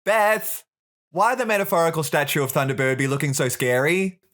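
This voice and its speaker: A woman's voice: low-pitched, animated, brisk, soft background music. A woman from Ireland, co-hosting a podcast in casual, playful chat. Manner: playful, teasing. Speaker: podcast co-host.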